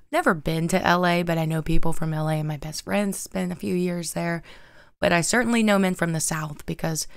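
A man's voice: sits high, gravelly, smooth, no room sound. A middle-aged man hosting a reaction video, chatting casually about comedy from a home studio. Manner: chatty, laughs along with the clip. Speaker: reaction channel host. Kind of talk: casual commentary. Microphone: desk microphone.

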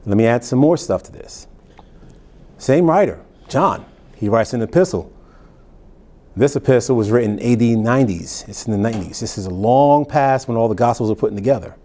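A man serving as pastor gives a Bible-teaching sermon, slowly reading verses and then clarifying them in casual asides. He speaks at medium pitch with lively intonation and a dark tone.

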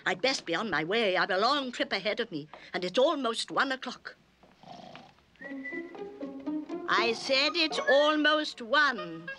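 An actress voicing a kindly, fussy old woman storyteller in a 1960s animated musical, talking in a prim sing-song and breaking into song. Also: medium pitch, brisk, close to an everyday voice. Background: orchestral music.

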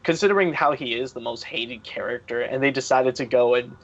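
A young man chatting casually on a podcast panel, excitable and quick to laugh. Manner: excitable, laughing, jumps into high silly voices. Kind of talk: casual chat. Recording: dull lo-fi online call audio.

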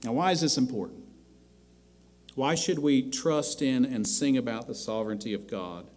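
A man preaching a sermon as pastor, slow and deliberate, rising loud on scripture and dropping quiet to make a point. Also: medium pitch. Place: church sanctuary.

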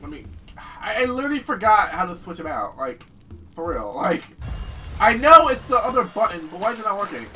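A man giving excitable let's-play commentary, often yelling and cursing at the game he is playing. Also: high-pitched, fairly quick, far from the mic, noisy background. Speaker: gaming channel host. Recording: voice a bit off-mic over game music.

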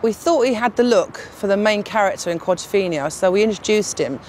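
A woman in her fifties reminiscing, recalling details in a halting, listing way. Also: mid-range voice, animated, a little mellow, a little hiss or hum. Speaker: interviewee.

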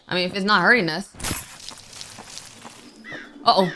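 A woman's voice: lowish voice, unhurried, pushed and bright, slight background noise. A woman giving let's-play commentary, jumpy and flustered. She keeps crying out in alarm and pleads with the game under pressure. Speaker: gaming YouTuber. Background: game music.

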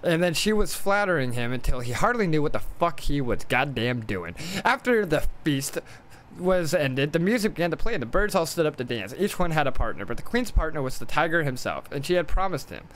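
A man's voice: on the high side, sing-song, brisk, a bit bright, slight background noise. A male streamer reading a storybook aloud during a game stream, stumbling over words and adding irreverent asides.

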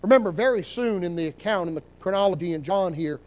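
A man preaching as pastor, reading scripture aloud and swinging between emphatic rises and quiet drops. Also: high-pitched, fast. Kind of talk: sermon.

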